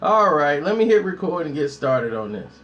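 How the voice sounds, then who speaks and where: A man's voice: fairly high pitch, sing-song, moderate pace, a bit bright, muffled recording. A man hosting a casual live stream, talking straight to his viewers in a slangy, hyped way. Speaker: YouTube host.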